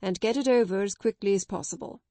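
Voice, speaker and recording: A woman narrator gives voice to a storybook gentleman, kindly yet firm. He speaks slowly and deliberately, his temper held in check. The sound is dry and close. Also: mid-range voice, no echo, lightly acted. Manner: measured, firm, restrained. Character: hot-tempered gentleman guardian, kind but firm.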